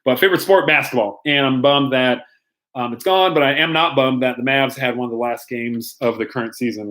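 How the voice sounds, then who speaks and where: A youth pastor with a mid-range, fairly bright voice hosts a casual live-stream Q&A for young people. He's playful and rambling, laughing often and filling his speech with lots of ums.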